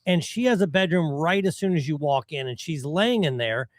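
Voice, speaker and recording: A man's voice: fairly high pitch, animated, moderate pace, no room sound. A man co-hosting a podcast in casual chat, telling a funny anecdote and laughing often. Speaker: podcast co-host.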